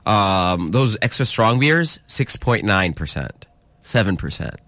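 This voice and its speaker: A man's voice: fairly low pitch, sing-song, unhurried, fairly bright tone, no room sound. Joking male radio host. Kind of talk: casual radio banter.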